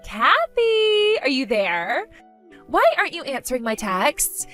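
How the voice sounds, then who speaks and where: A woman's voice: high voice, big pitch swings, takes it slowly, fairly bright tone, soft background music, heavily acted. A woman voicing a spoiled, vain young woman who gloats, insults and giggles in a text-story skit. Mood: demanding.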